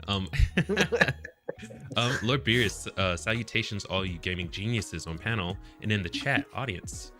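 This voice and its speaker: A man's voice: fairly low pitch, normal speed, sharp tone, faint music behind. A man hosting a casual live panel stream, joking, laughing often and reading viewer messages aloud. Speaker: livestream panel host.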